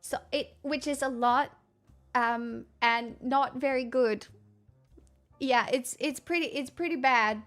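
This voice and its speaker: A woman's voice: high-pitched, takes it slowly, fairly bright tone, soft background music. Chatty young Australian woman streamer. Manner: rambling, chatty, swears freely. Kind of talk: casual livestream chat.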